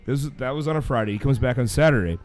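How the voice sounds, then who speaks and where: Midwestern man, bartender guest, mid-pitched, animated storyteller. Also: fast talker, soft background music. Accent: Midwestern American. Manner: animated anecdote teller, acts out quotes. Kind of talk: casual comedic chat.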